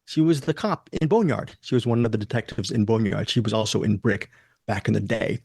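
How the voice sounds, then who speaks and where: A man's voice: lowish voice, fairly quick, gravelly, a little mellow, husky, dry recording, studio quality. A man hosting a movie podcast in casual, rambling chat, joking and laughing often. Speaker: podcast host.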